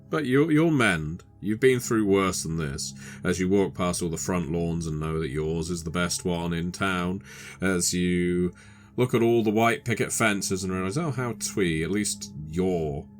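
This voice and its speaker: Deep-voiced game master. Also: male voice. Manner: slow, atmospheric narration. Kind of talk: narrating a tabletop horror game.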